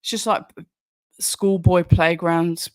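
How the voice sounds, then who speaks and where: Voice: mid-range voice, steady tone, slow, dry recording, studio quality. A host from Birmingham with a Brummie accent, chatting casually on a livestream and answering viewer comments with frequent restarts. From Birmingham, England. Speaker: livestream watch-along host. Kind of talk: casual live chat commentary.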